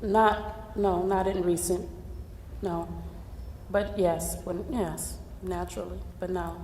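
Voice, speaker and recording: Gravelly-voiced woman, halting, in a hall. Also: fairly low pitch, fairly even intonation, dark tone, distant mic. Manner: halting, hesitant replies. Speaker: coaching participant. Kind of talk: emotional on-stage coaching exchange. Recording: echoey hall with faint noise.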